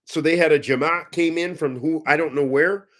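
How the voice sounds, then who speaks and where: Male teacher, Q&A format, conversational delivery, animated with frequent self-corrections. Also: fairly high pitch, normal speed. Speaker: Islamic teacher answering questions. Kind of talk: Q&A talk.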